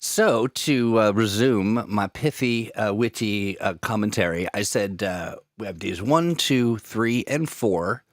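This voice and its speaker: A man co-hosting a podcast in a loose, goofy way, rambling with fillers and joking around. His voice sits a bit low. The sound is dry and close, with no room echo. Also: slow, few pauses. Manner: goofy, laughs often, loose rambling talk. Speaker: podcast co-host. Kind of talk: casual podcast chat.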